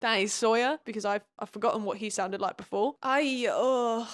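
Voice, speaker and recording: A woman's voice: fairly high pitch, moderate pace. A young woman recapping a book in a casual, sarcastic, exasperated way, laughing often.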